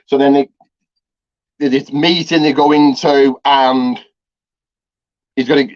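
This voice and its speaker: In slightly dull lo-fi audio, a man recaps a film's story for a review in a casual, rambling way, full of ums, fillers and restarts. His mid-range voice is steady and a bit dark, and he talks slowly.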